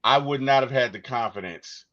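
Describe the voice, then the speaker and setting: A man co-hosting a casual movie discussion, telling stories with animated energy and acting out quotes. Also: mid-range voice, moderate pace, dull audio. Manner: animated storyteller, acts out quotes. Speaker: podcast co-host.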